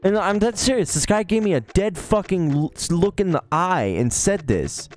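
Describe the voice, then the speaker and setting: A man's voice: sits high, lively intonation, moderate pace, darkish tone, faint music behind. A man telling rambling, profane anecdotes in casual chat on a live stream, with chuckles along the way.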